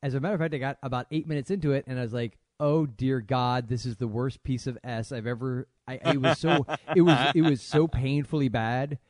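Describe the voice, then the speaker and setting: Male co-host, playful banter, middle pitch, dry close sound. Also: steady tone, brisk, hardly any pauses, darkish tone, no room sound. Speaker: podcast co-host. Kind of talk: casual podcast chat.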